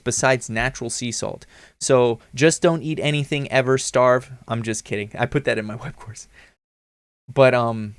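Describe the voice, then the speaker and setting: A man's voice: medium pitch, a bit bright, no room sound. A man in his thirties hosting a livestream, talking casually in a slangy, profane, rambling way. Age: 30s. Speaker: livestream host.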